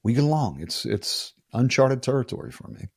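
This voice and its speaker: A man's voice: mid-range voice, lively intonation, normal speed, vocal fry, husky, dry recording, clean studio sound. A man in his sixties from the United States, a guest in a casual interview, telling stories bluntly and profanely with rambling restarts. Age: 60s.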